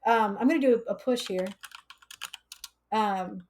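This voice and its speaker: A woman's voice: medium pitch, measured pace, a little mellow, slight background noise. A woman hosting a casual live coding stream, chatty and laughing often as she reads chat aloud. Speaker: livestream coding instructor.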